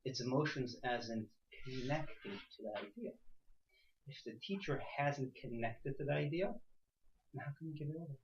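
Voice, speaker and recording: A man's voice: animated, normal speed, vocal fry, a little hiss or hum. Man teaching in an echoey room. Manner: rhetorical questions, sudden rises in pitch and loudness. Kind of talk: class discussion. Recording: echoey room, dull lo-fi sound.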